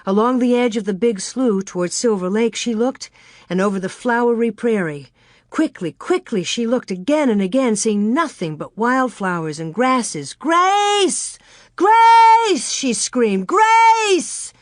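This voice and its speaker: A woman reading an audiobook in a measured, expressive way. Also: mid-range voice, no room sound, studio quality. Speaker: audiobook narrator. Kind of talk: scripted narration.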